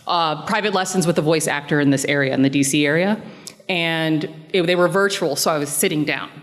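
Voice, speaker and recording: Low-voiced female fan at the mic, polite and halting, echoing convention hall. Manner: polite, hesitant, filler-laden. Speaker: audience questioner, voice actor. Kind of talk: asking a question at a panel Q&A.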